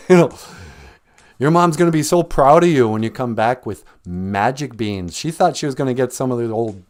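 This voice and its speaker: A man's voice: mid-range voice, expressive, moderate pace, natural voice. Man doing a sly, wheedling little goblin.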